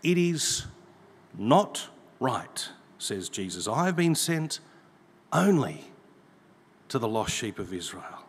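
A man's voice: mid-range voice, big pitch swings, slow, long pauses, slightly rough. A man preaching a sermon, reading scripture aloud with emphasis. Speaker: pastor. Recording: long hall reverb.

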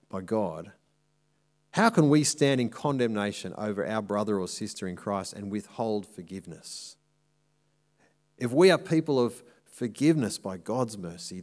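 A man preaching a sermon in a church, explaining a passage step by step and slowing down to drive his points home. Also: fairly low pitch, a little mellow.

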